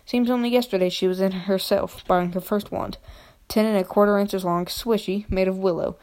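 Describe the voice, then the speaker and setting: A woman voicing a soft-spoken, eerie old male wandmaker while reading a storybook aloud. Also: medium pitch, steady tone, normal speed, natural voice.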